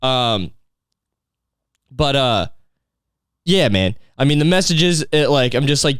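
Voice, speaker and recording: A man's voice: mid-range voice, expressive, takes it slowly, long pauses, fairly bright tone, clear, resonant tone, no echo, studio quality. A young man hosting a podcast, rambling in a casual, profane comedic rant full of fillers and restarts. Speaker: podcast host.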